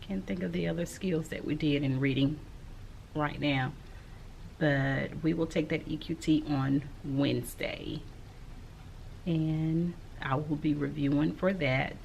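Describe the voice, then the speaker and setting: Middle-aged woman teacher, low gravelly voice, unhurried vlog delivery, faint room hum behind. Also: dull audio. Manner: slow, soft-spoken and reflective, with frequent "um". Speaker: elementary school teacher. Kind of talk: casual vlog talk to camera.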